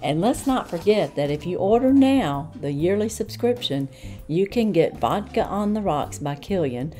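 A woman's voice: lowish voice, expressive, normal speed, dark tone, faint music behind. A woman with a Southern accent chatting enthusiastically through an unboxing review in a homey way. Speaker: unboxing vlogger. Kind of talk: casual product review.

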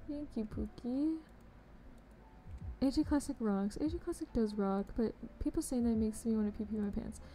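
A woman's voice: on the high side, normal speed, mellow. A young woman chatting casually on a game live stream, bubbly and chatty, greeting viewers with pet names. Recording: faint background noise.

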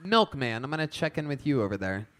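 A man's voice: mid-range voice, very animated, fast, a bit bright. A man hosting a live comedy show, asking the guest teasing questions. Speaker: host.

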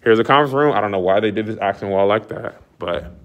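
Excitable man giving a walking tour. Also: on the low side, fast talker, muffled recording. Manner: excitable, showman-like announcing. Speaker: studio owner giving a tour. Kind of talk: casual walkthrough tour. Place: large empty commercial building.

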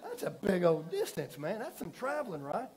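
A man preaching a sermon in a church, telling stories casually and building from soft asides to loud emphatic preaching. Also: sits high, huge pitch swings, normal speed, low-quality recording. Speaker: pastor.

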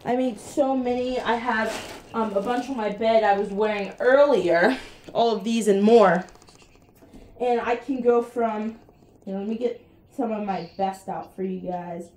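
A woman's voice: on the high side, a little slow, a little mellow. A young woman chatting casually to her viewers in a rambling vlog, with plenty of fillers. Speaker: vlogger.

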